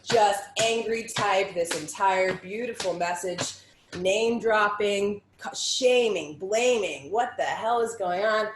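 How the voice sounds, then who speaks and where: A woman telling her own story as a survivor on a panel, candid and raw, swearing freely and piling up short phrases. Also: mid-range voice. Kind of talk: personal testimony in a panel talk. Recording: roomy echo with faint background hum.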